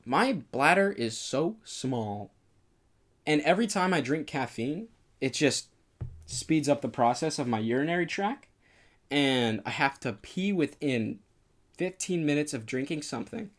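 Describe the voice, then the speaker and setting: A man's voice: fairly high pitch, lively intonation, a little slow. A young man in his late teens co-hosting a casual podcast, goofy and earnest, rambling through his explanations. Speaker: podcast co-host. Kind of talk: casual chat.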